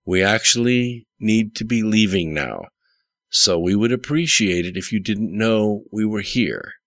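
A man voicing a calm male Secret Service leader, clipped and commanding. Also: lowish voice, a little slow, no echo, pitched above the performer's own voice. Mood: wry.

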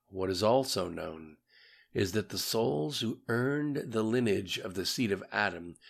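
A man's voice: on the low side, vocal fry. A man narrating an audiobook with a grave, solemn delivery.

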